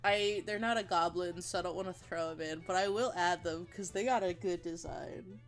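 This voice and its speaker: A woman chatting casually on a livestream while she draws, gushing and giggling, with bursts of excitement and casual swearing. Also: lowish voice, normal speed, faint music behind. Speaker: art streamer.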